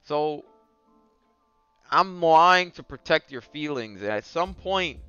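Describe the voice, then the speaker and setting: Host, young man, casual storyteller, smooth bright tone, jumps from mutters to yelling, dull recording. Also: fairly high pitch. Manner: animated, swings from mumbling asides to yelling bursts. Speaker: podcast host telling a dating story.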